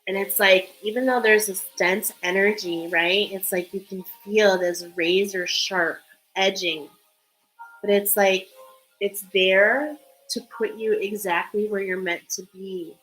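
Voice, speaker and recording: A woman's voice: medium pitch, steady tone, a little slow, fairly bright tone, faint music behind, rough recording. A woman giving a spiritual card reading in an earnest, emotional way, reading card texts aloud between loose, filler-filled remarks. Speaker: tarot card reader.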